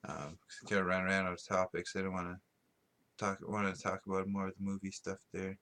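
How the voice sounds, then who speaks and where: Young male podcaster, slightly low voice, loose rambling delivery full of fillers and self-amused laughs. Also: monotone, fairly quick, bright, forceful tone. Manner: rambling, many ums and restarts, laughs at himself. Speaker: podcast host. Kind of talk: casual solo podcast rambling.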